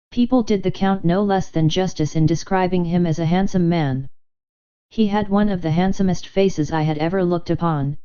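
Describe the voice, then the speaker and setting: Mellow, smooth woman narrator. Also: fairly low pitch, highs cut off. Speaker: audiobook narrator. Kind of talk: scripted first-person narration.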